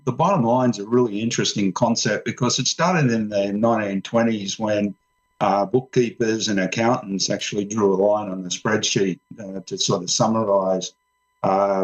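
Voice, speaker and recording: A man, a guest writer explaining his ideas on a podcast panel with frequent ums. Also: lowish voice. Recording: slightly muffled lo-fi sound.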